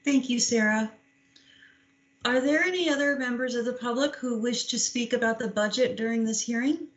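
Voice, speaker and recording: A woman's voice: fairly high pitch, normal speed. A woman chairing a public budget hearing, polite and appreciative as she calls on speakers. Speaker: meeting chair. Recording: dull lo-fi video call audio.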